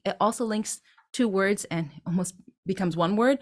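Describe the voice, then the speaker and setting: A woman vocal coach with a medium-pitched voice and moderate pace leads a singing tutorial. She explains patiently, tags her points with questions, and breaks into short sung demonstrations.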